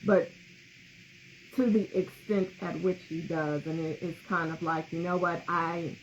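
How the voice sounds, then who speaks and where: A woman's voice: on the low side, fairly even intonation, unhurried. A woman co-hosting a podcast on grief, talking candidly and emotionally, with frequent laughter. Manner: candid, emotional, laughs often, reads comments aloud. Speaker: podcast co-host. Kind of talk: casual podcast talk about grief. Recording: slightly muffled with faint background noise.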